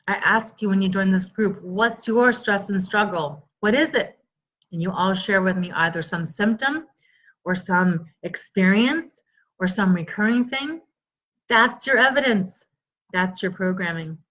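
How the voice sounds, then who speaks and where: A middle-aged woman coaches her viewers on a live stream, upbeat and encouraging. She greets people by name as she talks. The sound is slightly dull and lo-fi, with a middle-pitched voice. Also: fairly bright tone. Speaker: stress relief coach.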